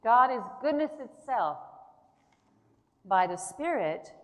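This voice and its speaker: A woman preaching a sermon in a church, earnest and emphatic, with slow pauses between phrases. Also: fairly high pitch, very animated. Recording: long hall reverb.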